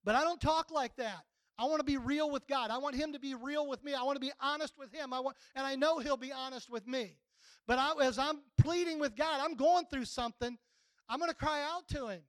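Man, 60s, preacher, sermon, very high-pitched, folksy and plainspoken, dry. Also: brisk, dry recording, rough recording.

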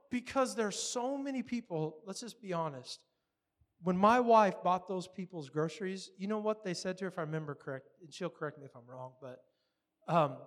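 A man preaching a sermon, telling stories and acting out dialogue with frequent laughs. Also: high voice. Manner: animated, acts out dialogue, laughs often. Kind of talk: sermon storytelling.

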